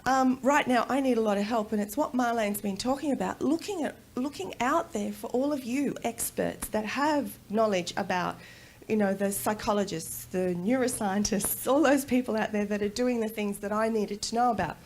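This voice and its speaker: A middle-aged Australian woman giving a personal storytelling talk at a conference, animated and quick to laugh. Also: fairly high pitch, slight background noise. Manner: animated, laughs often, acts out voices in quotes. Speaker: conference speaker. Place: conference room.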